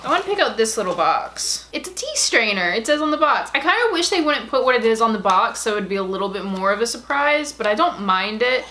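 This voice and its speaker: A woman with a slightly high voice hosts a casual unboxing vlog. She talks in a gushing, excitable way, gasping and squealing as she goes. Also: brisk, few pauses, a little hiss or hum. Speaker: YouTube unboxing host.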